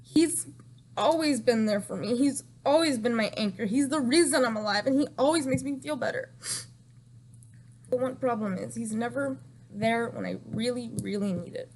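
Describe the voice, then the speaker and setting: A woman's voice: on the high side, normal speed, slight background noise. A young woman telling an emotional storytime vlog, distraught and rambling, repeating herself and crying at times.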